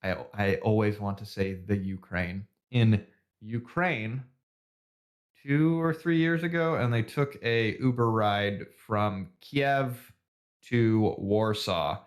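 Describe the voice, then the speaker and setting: A man with a fairly low voice, talking on a casual podcast. He rants and swears freely and laughs at his own jokes. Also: slow pace. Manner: ranting, swearing, laughing at himself. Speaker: podcast co-host. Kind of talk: casual profane podcast banter.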